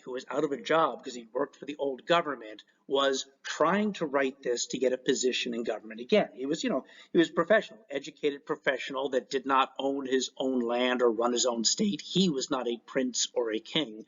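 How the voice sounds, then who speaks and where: A man teaching a recorded class lecture in an animated way, with joking asides. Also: medium pitch, husky. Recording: dull lo-fi recording.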